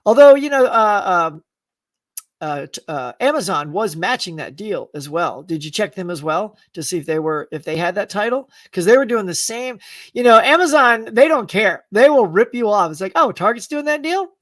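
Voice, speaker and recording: A middle-aged man hosting a live stream, chatting casually with viewers in a rambling, animated way and laughing often. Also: high voice, moderate pace, no room sound, distant mic. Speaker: live-stream host answering chat. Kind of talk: casual chat.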